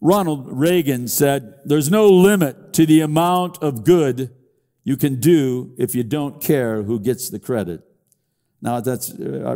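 A man's voice: mid-range voice, mellow, in a large hall. An older man preaching a sermon, with emphatic rises, sing-song stresses and repeated words. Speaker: pastor.

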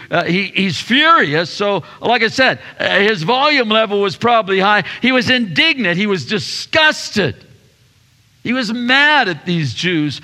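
A man preaching a sermon in a church, animated and often restarting his phrases. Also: high-pitched, big-room sound. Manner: animated, repeats words and restarts. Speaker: pastor.

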